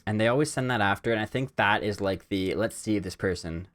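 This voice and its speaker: This solo podcast host, a young man from Canada, talks fast in a lowish, slightly bright voice. He wanders through his stories in a rambling style, leaning heavily on "like" and "um."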